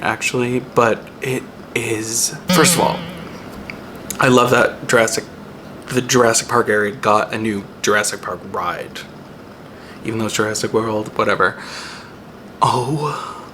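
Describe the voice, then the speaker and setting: A young man vlogging a casual, profane rant-style review with sudden loud outbursts. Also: mid-range voice. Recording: noticeable background noise.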